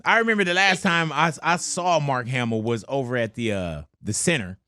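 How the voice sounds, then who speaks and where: A man's voice: mid-range voice, brisk, bright, forceful tone, dry recording, studio quality. A man hosting an interview, chatting casually with his guest, teasing him and laughing along in slangy talk. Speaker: talk show host.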